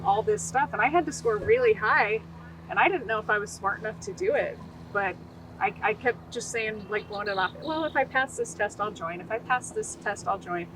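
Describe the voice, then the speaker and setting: Woman, forties, from Utah, animated guest storyteller, mid-pitched voice, faint noise behind. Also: poor audio. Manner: animated, acts out quoted voices. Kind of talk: storytelling interview.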